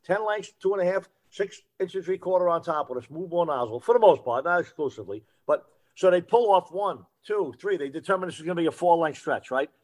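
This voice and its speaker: A man's voice: high voice, animated, a little fast, hardly any pauses, darkish tone. A man co-hosting a podcast, a veteran firefighter who explains procedures in casual shop talk and repeats phrases for emphasis.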